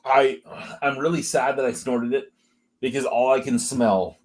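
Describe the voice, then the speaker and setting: Man, beer review host, casual, swears a lot, mid-pitched voice, joking commentary. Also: flat delivery, measured pace. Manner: profane, joking, chatty running commentary.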